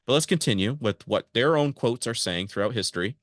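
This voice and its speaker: A man's voice: medium pitch, expressive, brisk, no room sound, studio quality. A man hosting a podcast, reading a monologue from notes and breaking off into casual asides to his listeners. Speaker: podcast host.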